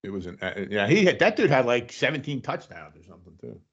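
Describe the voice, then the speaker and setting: A man's voice: mid-range voice, very animated, fast talker, slightly rough, highs cut off. A man co-hosting a sports podcast, chatting casually with laid-back, agreeable banter. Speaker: podcast co-host.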